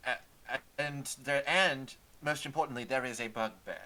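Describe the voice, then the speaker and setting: Bright-voiced man chatting at a game table. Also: mid-range voice, moderate pace. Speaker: player. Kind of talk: casual tabletop game chat.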